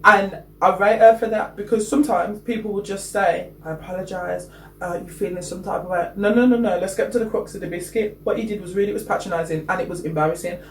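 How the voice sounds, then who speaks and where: High-voiced man chatting in an echoey room. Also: quick pace, hardly any pauses. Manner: animated, playful storytelling with quoted asides. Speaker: podcast co-host. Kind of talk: casual chat. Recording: echoey room, mic at a distance, faint noise.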